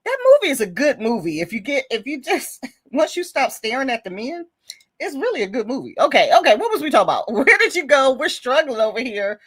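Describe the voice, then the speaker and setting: Chatty female livestream host, bubbly, laughs a lot, high voice that jumps around. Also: a little fast, slightly rough. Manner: chatty, laughing often, animated with viewers. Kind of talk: casual livestream chat reading comments.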